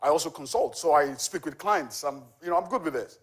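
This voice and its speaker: A man's voice: a little high, fairly quick. A man in his forties giving a conversational church testimony, telling a story with frequent fillers like "you know". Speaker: charity volunteer giving a testimony.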